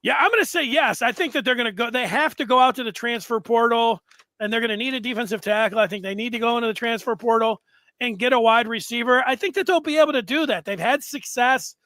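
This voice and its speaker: A man's voice: extremely high pitch, quick pace, pushed and bright, no echo. A man hosting a sports talk show, telling stories in a playful, joking way. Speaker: show host.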